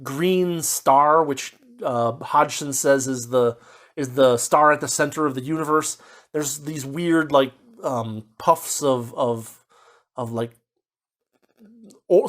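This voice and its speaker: A man giving a casual spoken book review, rambling with lots of fillers and restarts, now and then slipping into quick mock voices as he paraphrases. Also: on the high side, fairly bright tone. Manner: puts on brief mock voices when paraphrasing.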